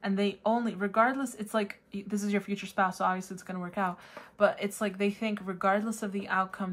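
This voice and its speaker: A woman tarot reader does a casual pick-a-card reading for her viewers, chatting fairly quickly with lots of fillers. Now and then she breaks into high, excited squeals.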